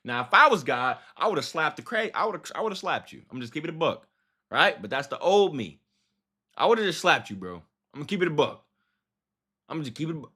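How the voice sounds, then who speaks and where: Lively, high-voiced man leading Bible study. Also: fairly quick, breathy edge. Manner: slangy, animated paraphrasing of scripture. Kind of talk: casual Bible study livestream.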